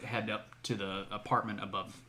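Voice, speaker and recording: A man's voice: fairly low pitch, little pitch movement, moderate pace, bright, forceful tone, slight background noise. A man co-hosting a podcast, chatting casually and laughing often as he tells a story. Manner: chatty, laughs often while telling stories. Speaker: podcast co-host. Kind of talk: casual chat.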